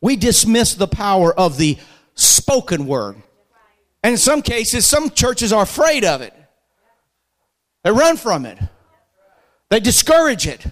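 A man preaching a fervent sermon, building to shouted emphasis and leading the congregation in call-and-response. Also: sits high, big pitch swings, a little slow, long pauses, poor audio. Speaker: pastor.

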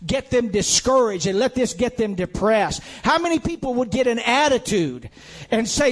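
High-voiced man preaching a sermon. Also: lively intonation, moderate pace. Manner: emphatic, repetitive preaching cadence with rhetorical questions.

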